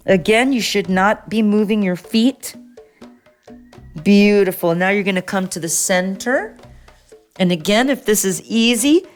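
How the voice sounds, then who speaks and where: A middle-aged woman leading a children's stretching lesson. She talks in an encouraging, playful way and praises often. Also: mid-range voice. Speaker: children's music and movement teacher. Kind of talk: guided stretching instruction for kids.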